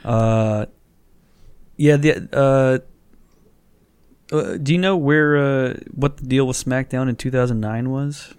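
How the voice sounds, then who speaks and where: A man's voice: medium pitch, takes it slowly, pauses often, a little mellow, clean tone, no echo. A man hosting a casual comedy podcast, crude and joking, often laughing. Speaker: podcast host.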